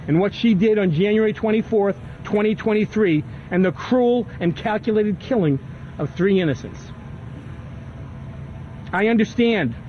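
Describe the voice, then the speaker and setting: A man's voice: high-pitched, highs cut off. An older man with a strong Boston accent, a district attorney speaking firmly at a press conference. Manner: firm, indignant. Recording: press conference audio, faint noise.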